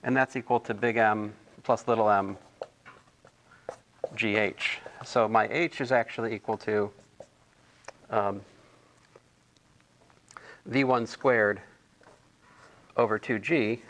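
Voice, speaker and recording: A man's voice: lowish voice, steady tone, takes it slowly, long pauses, a bit bright, a little hiss or hum. A man tutoring physics homework in a casual, thinking-aloud way, correcting himself and adding chatty asides.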